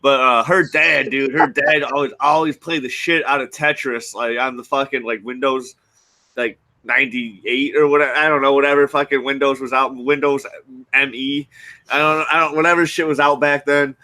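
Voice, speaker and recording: A man with a bright, forceful voice talks casually about old games, swearing freely. His delivery is animated and loose, like friends hanging out. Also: medium pitch, normal speed. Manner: profane, animated gamer banter. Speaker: podcast host. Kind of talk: casual chat.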